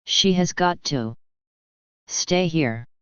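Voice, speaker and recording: A narrator reading the lines of a stubborn young man talking back to his family, in a slow storybook voice. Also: medium pitch, lively intonation, fairly bright tone, clear, resonant tone, no room sound. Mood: pleading. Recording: slightly dull, dry recording.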